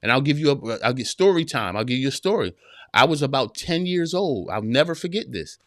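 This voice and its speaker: A man's voice: medium pitch, lively intonation, fairly quick, dry recording, clean studio sound. A man in his forties hosting an advice podcast, talking straight to listeners with emphatic repeated phrases. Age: 40s. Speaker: podcast host giving relationship advice. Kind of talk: casual counseling talk to listeners.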